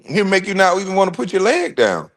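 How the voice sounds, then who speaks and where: A man in his forties hosting a casual livestream, telling stories in an animated, slangy way with frequent laughs. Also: sits high, quick pace. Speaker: livestream host.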